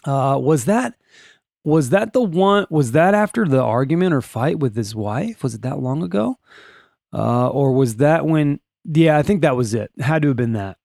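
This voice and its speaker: A man's voice: fairly high pitch, expressive, normal speed, gravelly, a little mellow, dry recording, clean studio sound. A man hosting a casual daily podcast from a room at home, reading items and rambling through wry asides while stumbling over names. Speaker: podcast host.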